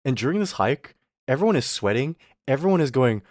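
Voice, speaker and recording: A man's voice: mid-range voice, very animated, fairly quick, no echo, clean studio sound. A man streaming, telling a story in a casual, exasperated rant full of swearing and laughter. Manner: profane, exasperated, often laughing.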